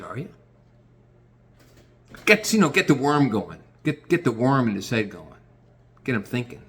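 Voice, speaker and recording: Animated, profane storytelling man. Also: fairly low pitch. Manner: profane and animated, acts out quoted dialogue. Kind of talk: casual personal storytelling.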